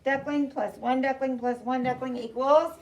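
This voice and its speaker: A woman teacher reading a picture book aloud to her class in an animated way, asking the children questions. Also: high-pitched, normal speed. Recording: distant mic, faint noise.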